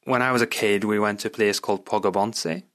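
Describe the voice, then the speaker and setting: A young Northern Irish man hosts his podcast, talking on in a rambling, self-mocking way. His voice sits low and sounds smooth and clear. He chats casually to his listeners. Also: fairly even intonation, fast, a bit bright. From Northern Ireland. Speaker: podcast host. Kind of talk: casual solo podcast chat.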